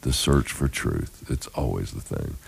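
A man's voice: very deep voice, lively intonation, measured pace, vocal fry, husky. A man hosting a casual morning radio interview in a studio, chatty, laughing easily and using many fillers. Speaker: radio show host.

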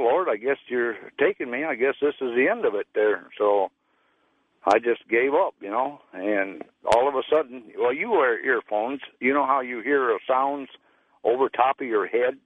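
A man's voice: medium pitch, moderate pace, dry recording. Folksy male caller on a tinny phone line. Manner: plain folksy storytelling, acts out quoted voices. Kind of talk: telling a personal story by phone.

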